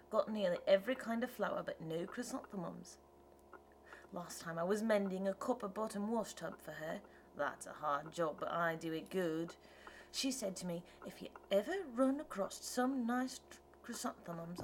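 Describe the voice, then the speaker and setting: A woman's voice: medium pitch, slight background noise, lightly acted. A woman reading an audiobook, voicing a wandering male tinker who talks in a rustic, ungrammatical, wheedling way. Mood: friendly. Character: folksy wandering male tinker, pleading salesman.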